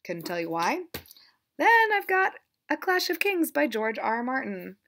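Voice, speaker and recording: Young woman, casual chatty vlogger, rambling and self-deprecating, gravelly undertone. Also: high voice, sing-song, a little slow, a bit bright. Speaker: book vlogger. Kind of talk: casual chat.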